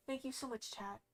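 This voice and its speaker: A woman's voice: high-pitched, dark tone. A young woman streaming and chatting casually with friends, talking animatedly, swearing freely and laughing often.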